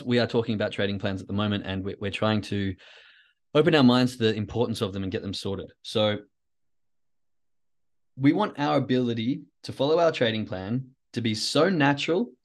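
A man hosting a solo podcast, talking in a rambling, reflective, self-coaching way. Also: on the low side. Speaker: podcast host.

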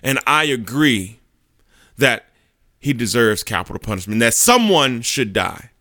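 A man voicing a calm, humble defender who pleads softly before a judge. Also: medium pitch, unhurried, no echo, studio quality, heavily acted. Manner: soft, pleading.

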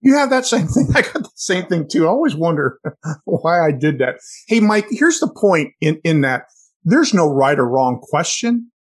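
Husky, animated man telling sales stories. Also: a little high, moderate pace. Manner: animated, storytelling, frequent restarts. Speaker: podcast co-host. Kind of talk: casual sales chat.

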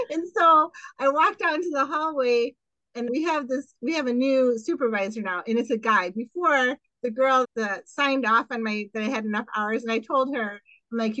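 A middle-aged woman, an occupational therapist, telling her story in a casual podcast interview, animated and full of fillers and quoted voices. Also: sits high, normal speed, no room sound, poor audio.

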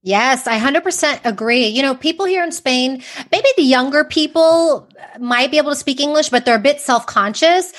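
A woman from the United States, a guest on an interview, answering in an emphatic, eager way. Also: sits high. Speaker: podcast guest.

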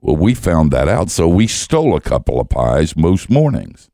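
A man's voice: very deep voice, big pitch swings, moderate pace, dark tone, no room sound, clean studio sound. An older man, a guest teacher, telling stories in conversation with wry, self-mocking humor and frequent chuckles. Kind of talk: storytelling conversation.

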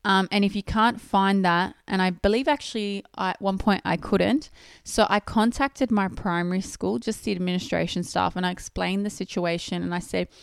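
Methodical woman explaining clearly. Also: medium pitch, steady tone, moderate pace, no room sound, studio quality. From Australia. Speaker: podcast host. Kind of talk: explanatory podcast talk.

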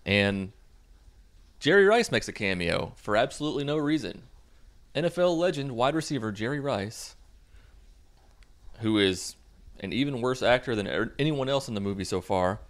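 A man's voice: medium pitch, expressive, moderate pace, pauses often. A young man hosting a podcast, recapping a movie in a sarcastic, profane, comic way. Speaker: podcast host.

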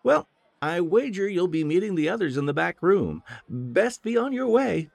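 A man's voice: sits high, sing-song, normal speed, gravelly, dry recording, voice pushed up, full character voice. A man voicing a flirtatious middle-aged female tavern keeper in an audiobook, with a teasing, sultry way of talking.

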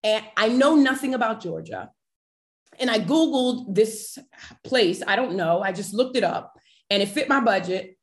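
A woman guest on a podcast, telling a personal faith story in an animated, emotional way and addressing listeners directly. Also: fairly high pitch, moderate pace. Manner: animated, emotional, acts out quoted voices.

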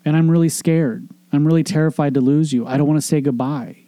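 A man's voice: a little high, fairly even intonation, fast talker, dark tone, no echo. A middle-aged man hosting a show, giving an earnest, emphatic motivational monologue on relationships, with casual swearing and repeated phrases. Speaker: podcast host, relationship coach.

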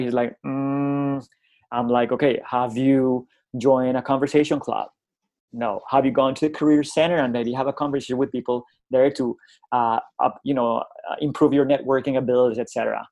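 A man's voice: mid-range voice, fairly quick. A middle-aged man from Colombia, a native Spanish speaker, telling classroom stories as a guest and acting out the dialogue, often tagging on "right?". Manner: animated, acts out dialogue, frequent tag "right?". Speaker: college instructor and guest. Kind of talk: conversational storytelling.

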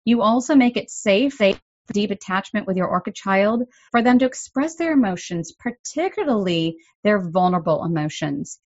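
A middle-aged woman hosting a parenting podcast, explaining in an earnest, gently emphatic way. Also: medium pitch, animated, normal speed, dry recording, dull audio. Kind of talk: solo podcast talk.

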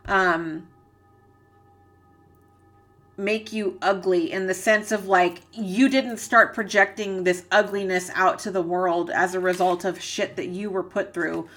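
A woman with a bright, clear-toned voice gives a channeled tarot reading. She rambles earnestly, hunting for the right words and leaning on fillers as her feelings rise. Her pitch sits in an ordinary middle range. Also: fairly even intonation, slow. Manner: rambling, searching for words, many "like"s; emotional, earnest. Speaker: psychic reader.

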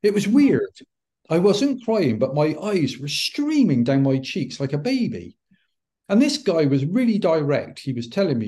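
A middle-aged man, a podcast guest, telling a personal story in an animated way and acting out the dialogue. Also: mid-range voice. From United Kingdom. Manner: animated, acts out quoted dialogue. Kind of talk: anecdotal storytelling.

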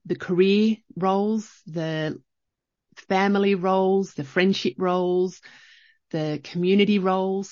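A woman's voice: lowish voice, a little mellow, no room sound, lo-fi sound. A middle-aged woman, talking reflectively in a chatty solo podcast, often restarting her sentences. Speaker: podcast host.

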